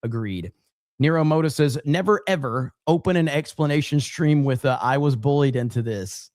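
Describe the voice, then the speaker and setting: A man hosting a livestream, reading viewer messages aloud in loose, profane casual chat. His voice sits slightly high, and the sound is dry and close. He laughs often between reads. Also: moderate pace, a little mellow, dry recording. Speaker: livestream host.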